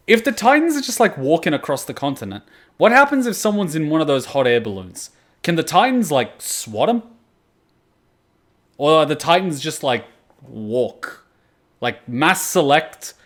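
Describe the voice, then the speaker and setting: A young man hosting an anime reaction video, chatting casually with plenty of swearing and sudden loud outbursts. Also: fairly high pitch. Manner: profane, animated, breaks into loud outbursts.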